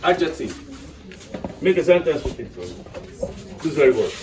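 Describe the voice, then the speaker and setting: A man's voice: on the high side, very animated, slow. Nigerian male teacher in an echoey classroom. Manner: questioning students, repeats "are you getting me". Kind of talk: classroom English lesson. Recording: echoey classroom from far off with noise.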